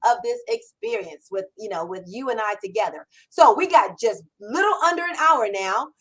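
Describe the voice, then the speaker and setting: A middle-aged woman hosting a live-streamed Q&A, energetic and enthusiastic, repeating words for emphasis. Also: fairly high pitch, moderate pace, rough recording. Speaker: host. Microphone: camera mic on a livestream.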